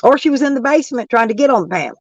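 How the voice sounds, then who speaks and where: Reading and bickering with her chat, a brash, swearing woman rants casually on her livestream while allergies leave her voice lowered and rough. She speaks very fast with lively intonation in a slightly high voice, on lo-fi audio with no room sound.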